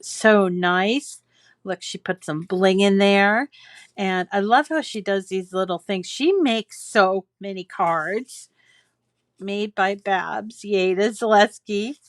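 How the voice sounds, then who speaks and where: Speaking at a slow pace with a medium pitch, a woman hosting a crafting channel reads viewers' holiday cards aloud at home, chatting casually and gushing. No room sound is audible.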